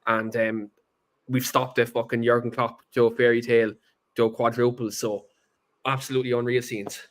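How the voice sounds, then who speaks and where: A man's voice: mid-range voice, level tone, moderate pace. A man on a football podcast panel, talking emphatically and swearing heavily. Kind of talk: excited match-reaction chat.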